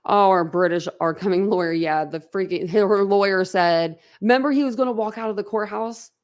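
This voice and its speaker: A woman with a mid-range, darkish voice speaks at normal speed while hosting a livestream. She chats bluntly and casually with viewers, rambling and laughing frequently.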